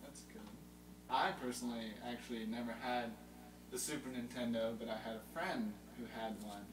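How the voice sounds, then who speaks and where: A young man hosting a casual chat about video games, informative and a little halting with fillers. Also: mid-range voice, steady tone. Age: young adult. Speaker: host. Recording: roomy, distant mic with loud hum.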